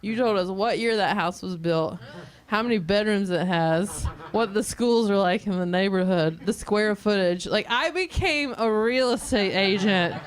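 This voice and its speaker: A woman telling a funny personal story, animated and often breaking into laughter. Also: mid-range voice, normal speed. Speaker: comedian. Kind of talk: comedic storytelling.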